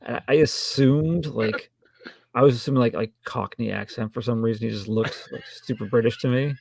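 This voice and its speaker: A man co-hosting a film review podcast in casual chat, low-key with dry, wry remarks. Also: fairly quick, creaky, darkish tone. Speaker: podcast co-host reviewing films.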